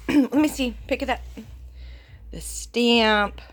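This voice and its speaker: A woman and mother chatting casually and warmly gushing in a home vlog. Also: a little high, takes it slowly, very noisy. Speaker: vlogger and mother.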